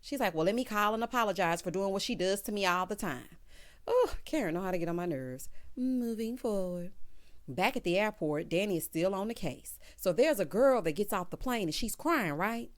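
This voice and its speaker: A chatty woman recaps a TV episode. Her pitch swings widely as she acts out each character's lines, and she drops sassy asides to her viewers between scenes. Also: fairly quick. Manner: chatty, quotes characters in lively retellings; sassy asides, calls viewers girl and honey. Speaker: TV recap host. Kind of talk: casual episode recap chat.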